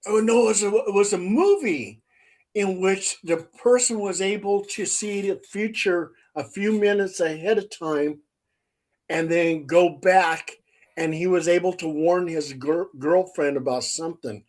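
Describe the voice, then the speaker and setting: High-voiced man recalling a movie. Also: measured pace, a little mellow, poor audio. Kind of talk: casual chat.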